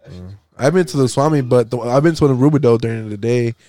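A man's voice: medium pitch, fast talker, mellow, no echo. A young man co-hosting a podcast, chatting casually, teasing and laughing a lot with some swearing. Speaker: podcast co-host. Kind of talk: casual chat.

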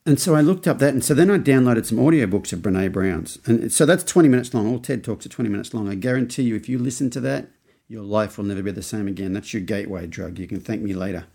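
Gravelly Australian man in his fifties. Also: lowish voice, fast talker, warm tone. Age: 50s. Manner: rambling, with many restarts and acted-out quotes. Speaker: podcast host. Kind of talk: casual storytelling monologue.

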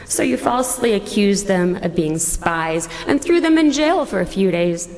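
A woman's voice: mid-range voice, expressive, moderate pace, vocal fry, a little mellow. A woman pastor preaching a sermon as a dramatic second-person retelling full of rhetorical questions. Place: church. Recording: long church reverb.

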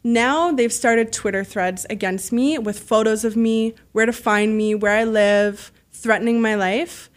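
A woman telling stories as a podcast guest, animated and freely swearing, acting out the voices of people she quotes. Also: a little high, a little slow, hardly any pauses. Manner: heavy use of "like" fillers. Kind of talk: casual storytelling.

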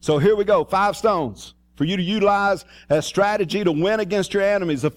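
A middle-aged pastor with a high-pitched voice delivers a conversational sermon. He tells the story loosely and acts out the quoted voices as he goes. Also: a little fast.

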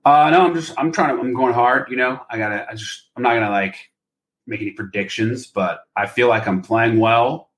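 A man's voice: medium pitch, a little fast, a bit bright, reverberant. A man, a poker player, chatting casually and rambling with plenty of swearing and filler words. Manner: rambling, profane, lots of "like". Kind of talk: casual podcast chat.

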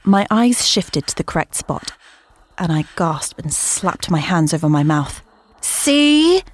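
A woman narrating a first-person horror story in a measured storytelling manner. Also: deep voice, breathy edge.

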